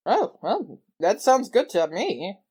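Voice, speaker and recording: A woman's voice: medium pitch, sing-song, slow pace, a little mellow, slightly rough. A woman playing a character in a tabletop game, laid-back and dry, with a wry sense of humor. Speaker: player.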